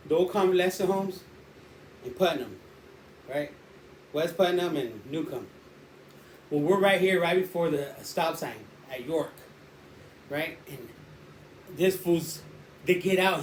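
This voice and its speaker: A man's voice: on the high side, moderate pace, long pauses. A man telling a rambling, slangy street story in a casual way. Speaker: storyteller guest. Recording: roomy echo, faint background noise.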